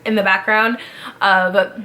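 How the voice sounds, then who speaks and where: Bright-voiced chatty young woman. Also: medium pitch, level tone, slow. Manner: chatty, upbeat, frequent "like" fillers. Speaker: vlogger, former theme park ride guide. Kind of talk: casual chat.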